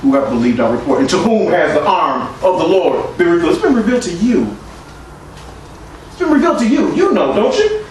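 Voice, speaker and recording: High, lively preacher man in an echoey church. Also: brisk. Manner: call-and-response preaching, swings from shouts to hushed tones. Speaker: pastor. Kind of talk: sermon. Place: church sanctuary. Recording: echoey church room from far off, faint hiss.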